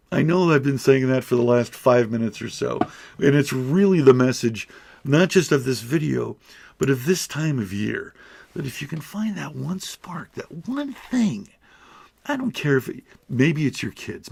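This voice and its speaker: A man's voice: mid-range voice, lively intonation, unhurried, vocal fry, a little mellow, husky. A middle-aged man speaking earnestly and emotionally to camera, rambling and restarting as he goes. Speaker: YouTuber. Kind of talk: heartfelt direct-to-camera talk.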